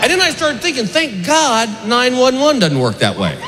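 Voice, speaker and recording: A man's voice: very high-pitched, huge pitch swings, moderate pace, big-room sound. A man doing a stand-up set, telling exasperated, folksy stories. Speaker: stand-up comedian. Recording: live club set with loud crowd and noise. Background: audience laughter.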